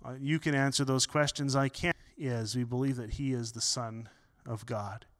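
A man preaching a sermon as pastor, earnest, often repeating words and swinging between loud and soft. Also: medium pitch, fairly even intonation, moderate pace.

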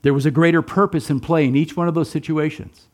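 A man's voice: fairly high pitch, fairly even intonation, fast, a little mellow. A man preaching a sermon, earnest and emphatic, asking his listeners rhetorical questions. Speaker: pastor.

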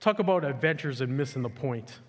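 A man's voice: mid-range voice, animated, brisk. A male pastor giving a sermon in a casual, conversational way, full of "like" and "you know", to a church. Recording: echoey hall with long reverb.

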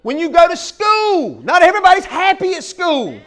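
A male pastor preaches at full energy. His voice sits very high, and he keeps peppering his lines with casual fillers. He often builds into loud, shouted rallying bursts. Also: moderate pace. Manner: excitable, shouting bursts, folksy "man" fillers. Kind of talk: energetic sermon.

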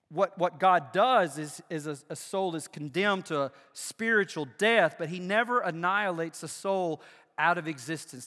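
An older man preaching a sermon as pastor, swinging between loud emphatic bursts and hushed, low asides. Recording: long hall reverb.

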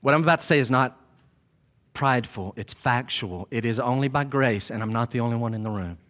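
A man's voice: medium pitch, a little fast, fairly bright tone. A man preaching a sermon who speaks to the congregation directly and hammers home key phrases by repeating them. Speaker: pastor.

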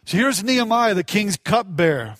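A man's voice: high voice, expressive, moderate pace, a bit bright, dry recording, studio quality. A middle-aged male pastor preaching a sermon, impassioned and repetitive, often restarting his sentences.

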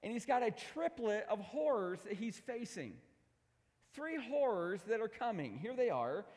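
A middle-aged man preaching a sermon as pastor, emphatic, swinging between loud declarations and hushed asides. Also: sits high, big pitch swings, unhurried. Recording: long hall reverb.

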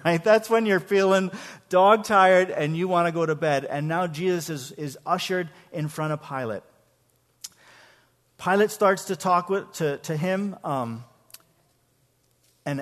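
A man with a somewhat raised voice preaches a sermon in a church sanctuary. He keeps a conversational tone, often repeats the first word of a phrase, and asks his congregation questions. A long hall reverb trails behind every word. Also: a little high. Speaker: pastor.

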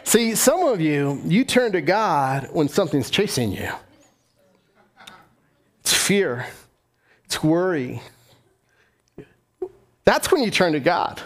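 High-voiced man preaching with rising fervor. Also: sing-song, slow pace, pauses often. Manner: earnest, rising to impassioned emphasis. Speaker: pastor. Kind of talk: sermon.

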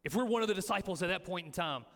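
Male pastor, high voice, lively storyteller, long reverb from a big echoey hall. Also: rapid-fire, vocal fry. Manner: animated storytelling, acting out quotes. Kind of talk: sermon.

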